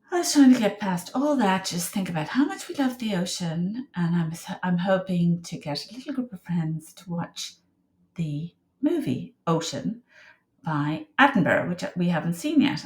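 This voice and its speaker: A woman talking casually on her own, rambling and emotional, her voice swinging from high outbursts to low murmured prayer. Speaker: vlogger. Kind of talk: casual monologue to camera. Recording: echoey room.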